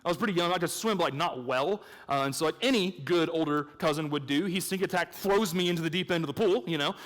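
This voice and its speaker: A man preaching an evangelistic sermon, swinging between hushed intensity and loud emphatic points, with chatty storytelling asides. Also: a little high, fast talker. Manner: conversational storytelling with fillers. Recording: long reverb of a large hall.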